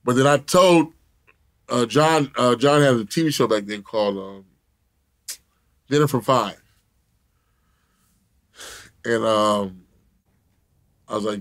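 A man telling a profane story as an interview guest, animated, laughing often and acting out the other people in it. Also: lowish voice, measured pace, long pauses.

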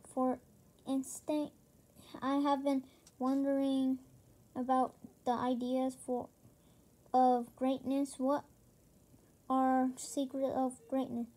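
A woman voicing a calm, thoughtful old male wizard in a children's storybook, slow and halting. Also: high-pitched. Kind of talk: reading a children's chapter book aloud.

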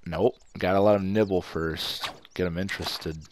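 A man's voice: low voice, steady tone, moderate pace, noisy background. A young man doing casual gameplay commentary, playful and goofy, talking to the fish on screen. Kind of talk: casual let's play commentary.

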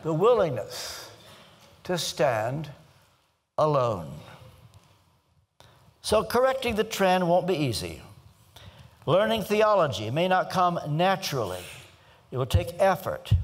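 An older man from the United States gives a theology lecture in a slow, weighty preaching cadence, leaving dramatic pauses between phrases. His voice sits somewhat high for a man and swings widely in pitch as he stresses key words. A long hall reverb trails after each line. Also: wildly swooping pitch. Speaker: theology teacher.

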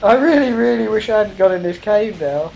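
A woman's voice: medium pitch, lively intonation, fairly quick, gravelly, dark tone, faint music behind, poor audio. A woman casually chatting and exclaiming while playing a co-op game, laughing often and swearing mildly. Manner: exclaiming, laughing, mild cursing. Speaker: let's play host. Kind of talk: casual co-op gameplay chat.

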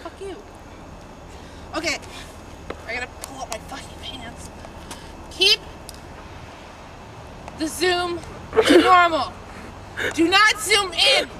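A woman's voice: very high voice, takes it slowly, pauses often. A woman goofing around at an outdoor bus stop, giggling, bossing the friend holding the camera and swearing a lot. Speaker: vlogger clowning for a camera. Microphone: handheld camcorder filmed by a friend. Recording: noisy street with passing cars.

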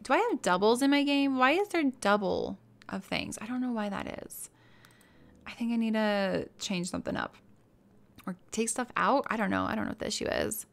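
A woman live-streaming a game from her room at home, chatting casually into a desk microphone. She gushes and chats, drifting between soft murmured asides and excited squeals. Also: medium pitch, a little fast, gravelly. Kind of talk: casual live-stream chat while playing.

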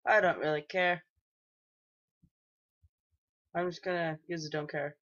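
A slightly high, somewhat bright male voice keeps a steady tone and moves fairly quickly. He's a gaming YouTuber, young and possibly a teenager, giving casual let's play commentary that's hesitant and rambling, riddled with ums and restarts, on a dull lo-fi home mic.

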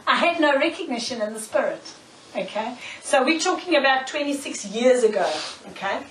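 A woman preacher giving a sermon, telling stories in an animated way, often laughing and checking in with "okay?". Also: high voice, normal speed, a little hiss or hum. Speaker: preacher, prophetess. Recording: echoey room, mic far off.

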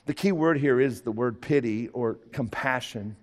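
A man preaching a sermon, animated, sometimes putting on high whiny voices for characters. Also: normal speed, few pauses, big-room sound. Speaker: pastor.

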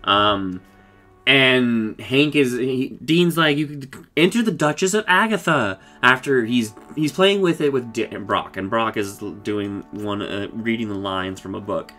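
A man giving a casual, rambling recap of a cartoon episode, excitable and full of swearing and fillers. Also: fairly low pitch, slow, soft background music. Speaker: show reviewer.

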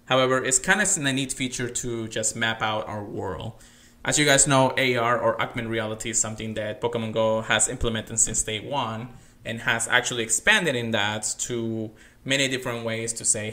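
A man co-hosting a casual gaming podcast, chatty and rambling with lots of fillers and restarts, sometimes reading text aloud in a careful flat way. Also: mid-range voice, normal speed. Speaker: podcast co-host.

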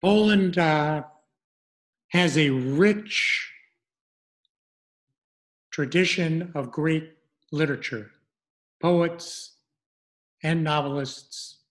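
A middle-aged man presenting an online language lesson, speaking haltingly with many fillers and restarts. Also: fairly high pitch.

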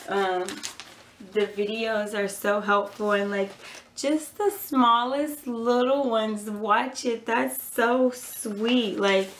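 A woman's voice: mid-range voice, background noise. Chatty woman opening fan mail. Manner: chatty, gushing, fast asides. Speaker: couponing vlogger. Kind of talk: casual mail-opening chat.

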